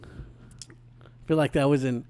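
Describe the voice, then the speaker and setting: A man chatting on a movie podcast in a wry, offhand way, dropping trivia and laughing along. His voice sits at an ordinary mid pitch for a man. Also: fairly even intonation, slow pace, mellow, smooth. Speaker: podcast co-host. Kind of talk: casual movie podcast chat.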